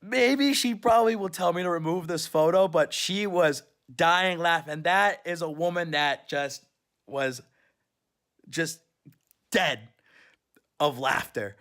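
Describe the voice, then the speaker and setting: Guy w a pretty high voice rambling thru a fan trip story, animated. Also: slow. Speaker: superfan vlogger. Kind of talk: casual storytelling recap.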